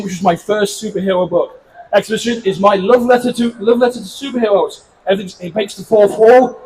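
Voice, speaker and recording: An English man in his fifties with a notably high voice for a man, presenting at a convention panel. He chats with the audience and makes self-deprecating jokes. The room has faint ambient noise behind him. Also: a little mellow, low-quality recording. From England. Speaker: comic book creator presenting a convention panel.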